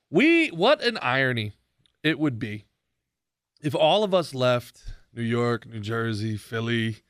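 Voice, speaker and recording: A man hosting his own podcast, ranting sarcastically about politics in a mocking, animated way. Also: a little high, dry recording, clean studio sound. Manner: sarcastic, mocking, animated rant with shouted impressions. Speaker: podcast host.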